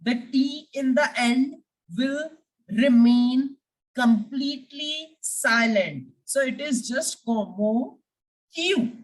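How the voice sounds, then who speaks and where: A woman teaching a beginner French lesson, with a slow, deliberate pace and a lively pitch. She repeats words patiently and stretches out each French sound. Her voice sounds a little distant from the mic. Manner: patient, repetitive, slows down to spell out French sounds.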